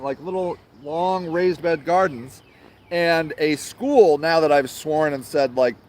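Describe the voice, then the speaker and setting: A man hosting his own show from an outdoor garden, ranting angrily and sarcastically, swearing a lot and repeating himself. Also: a little high. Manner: angry, profane, sarcastic, repetitive. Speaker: show host. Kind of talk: profane outdoor rant.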